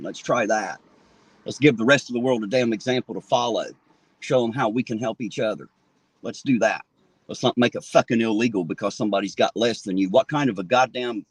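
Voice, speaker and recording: A man's voice: medium pitch, breathy edge, dry recording. A man livestreaming from a town street on a phone, ranting angrily and swearing heavily. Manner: swears heavily, indignant and fired up. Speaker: livestream host. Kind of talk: angry livestream rant.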